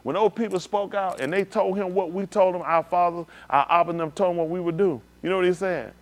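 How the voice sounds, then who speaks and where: A man preaching a sermon, animated, swinging between low murmurs and loud exclamations. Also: fast talker. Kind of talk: sermon with live demonstration. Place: synagogue hall.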